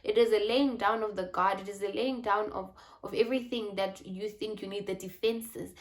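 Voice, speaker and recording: A woman talks straight to her viewers, mid-pitched and candid. She tells her story in a reflective, unhurried way, with lively retold asides. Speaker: faith and lifestyle vlogger. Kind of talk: personal storytelling talk.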